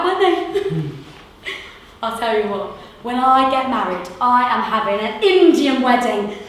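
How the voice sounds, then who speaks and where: A woman's voice: a little high, pushed and bright, a little hiss or hum. A woman playing a chatty, cheerful London street seller in a theatre monologue, telling a story and mimicking the voices of others, with a London accent. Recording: echoey hall from far off.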